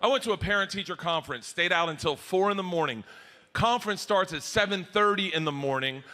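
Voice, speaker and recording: A man's voice: high-pitched, brisk, sharp tone. A middle-aged man doing rowdy, profane stand-up storytelling on a comedy stage.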